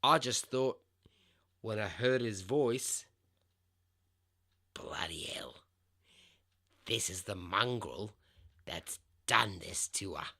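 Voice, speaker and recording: A man's voice: fairly low pitch, expressive, slow, vocal fry, pauses often, sharp tone, breathy edge, heavily acted. A man putting on an Australian accent to voice a blunt, angry neighbour in a true story he is telling. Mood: indignant.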